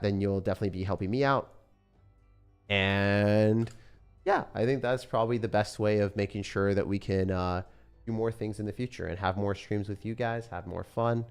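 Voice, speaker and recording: A young man with a fairly low voice talks loosely to his stream viewers. His delivery rambles along with plenty of fillers and restarts. Faint music plays quietly underneath. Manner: relaxed, rambling, lots of fillers. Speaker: gaming streamer. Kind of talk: casual sponsored stream chat.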